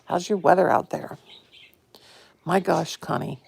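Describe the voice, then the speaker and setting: A woman in her fifties, a little hoarse, chatting live to viewers from her phone at home and greeting them with pet names. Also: lowish voice, steady tone, measured pace, darkish tone. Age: 50s. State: a bit hoarse. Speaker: live-stream host. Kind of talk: casual live-stream chat with viewers. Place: home, indoors.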